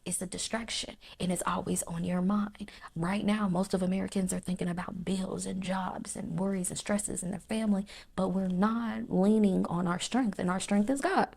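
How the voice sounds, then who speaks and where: A woman's voice: medium pitch, steady tone, normal speed, gravelly, few pauses, a little mellow. A woman in a faith vlog reflecting on peace in a preaching cadence, with lists and repetitions and frequent drops to a near whisper. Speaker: faith vlogger. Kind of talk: heartfelt spiritual reflection.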